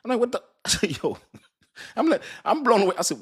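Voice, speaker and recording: Animated laughing man ranting casually. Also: sits high, fairly quick, breathy edge. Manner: animated, laughing, cursing, mocking. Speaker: crypto livestream host. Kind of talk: casual livestream chat.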